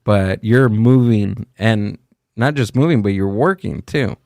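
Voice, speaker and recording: A man's voice: on the low side, unhurried, creaky, darkish tone, no echo, clean studio sound. A man hosting a podcast in a laid-back way, asking short questions with hesitant fillers. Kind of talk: casual podcast chat.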